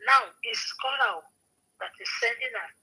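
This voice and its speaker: A woman's voice: fairly high pitch, lively intonation, moderate pace, sharp tone, husky, low-quality recording. A woman with a Nigerian accent in an emphatic, scolding casual gossip chat, repeating herself for emphasis.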